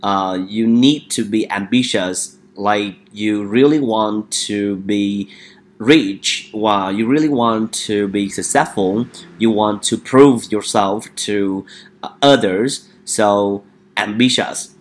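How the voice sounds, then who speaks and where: A man's voice: on the low side, slow pace. A man teaching an English vocabulary lesson. He often hesitates and repeats each word for the listener to drill.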